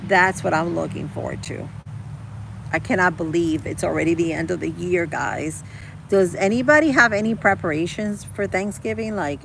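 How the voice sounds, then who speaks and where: A woman's voice: on the low side, gravelly, background noise. A woman chatting casually with her livestream viewers, rambling and calling them girl and guys. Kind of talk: casual live chat.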